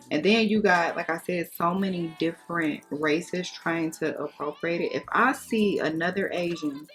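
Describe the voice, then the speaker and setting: A woman's voice: low-pitched, fairly bright tone. A woman beauty vlogger chatting casually while getting ready, outspoken and sassy with emphatic remarks. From United States. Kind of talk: casual get-ready-with-me chat.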